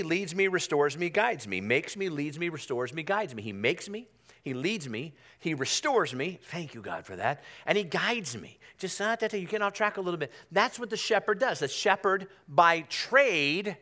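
A pastor preaching a conversational sermon in a church, repeating himself and calling on the congregation to respond. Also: male voice, on the high side, sing-song, normal speed, pushed and bright. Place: church sanctuary.

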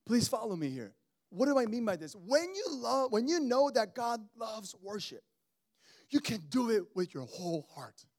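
A man in his thirties preaching a sermon in an animated, conversational way, calling out to the congregation. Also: high-pitched, normal speed. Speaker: pastor.

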